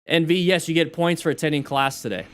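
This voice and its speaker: A man teaching motorcycle safety, commenting on a crash video in a lively way and asking questions. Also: on the high side, quick pace, a little hiss or hum. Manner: animated, acts out rider dialogue and questions.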